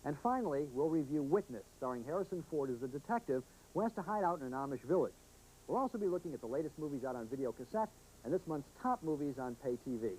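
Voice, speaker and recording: A man co-hosting a TV film review show, brisk and teasing. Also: on the high side, expressive, a little mellow, slight background noise, rough recording. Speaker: film critic, co-host. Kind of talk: scripted TV review.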